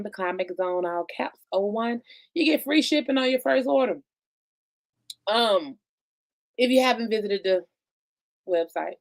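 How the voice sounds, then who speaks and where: A woman with a high voice hosts her own podcast in relaxed chat. She laughs easily and swings from loud, hyped bursts down to murmured side remarks. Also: vocal fry. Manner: laughing, chatty, loud bursts then dropping soft. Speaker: podcast host. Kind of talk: casual live-stream chat.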